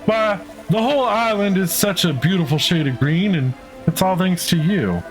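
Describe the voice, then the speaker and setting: A man's voice: high voice, lively intonation, normal speed, faint music behind, poor audio. A man voicing a humbled, devout villager who speaks earnestly and apologetically. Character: humbled devout villager staying behind to farm.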